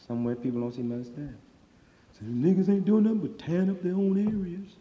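A man performing a stand-up comedy monologue, talking in animated, profane street slang on a live stage. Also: high voice, fast talker. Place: live stage before an audience. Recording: dull lo-fi live recording in a reverberant hall.

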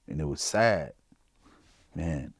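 A middle-aged man from Chicago giving a personal testimony in a halting, informal way, full of fillers. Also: a bass voice, animated, breathy edge, no echo, studio quality. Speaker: interviewee.

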